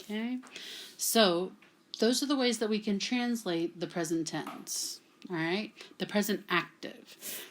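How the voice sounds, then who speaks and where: A woman's voice: medium pitch, takes it slowly, a little hiss or hum. A woman from Texas, teaching a classroom grammar lesson at a whiteboard and patiently checking in with "okay?" after nearly every point. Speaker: Latin teacher.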